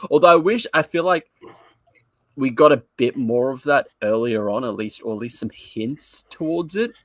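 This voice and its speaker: A podcast co-host chats loosely on a live review show, joking, laughing often, and rambling as he goes. His mid-range voice moves at normal speed with a fairly bright tone, and the sound is dry and close with no room sound.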